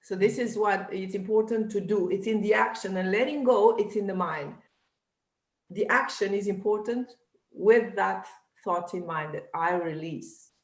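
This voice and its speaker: A woman therapist who is not a native English speaker, earnestly explaining her ideas on a video call and halting on repeated words. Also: medium pitch. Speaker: therapist guest. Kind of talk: casual chat. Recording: echoey room.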